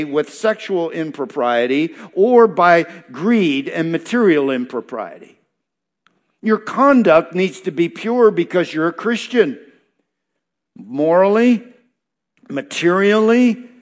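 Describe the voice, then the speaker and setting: A man with a fairly high voice delivers a sermon, reading verses and unpacking them phrase by phrase. His delivery is emphatic and repetitive, building points in short punchy lines. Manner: expository preaching, reads verses then explains, emphatic repetition. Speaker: pastor.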